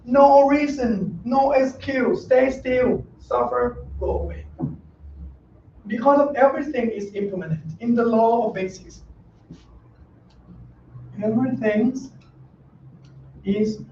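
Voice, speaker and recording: High-voiced monk, roomy and distant. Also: male voice, slow pace, long pauses, darkish tone. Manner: blunt, joking, broken English with laughs. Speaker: monk teaching a Dhamma class. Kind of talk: informal dharma talk. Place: meditation center hall. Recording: roomy, distant, dull mic with faint noise.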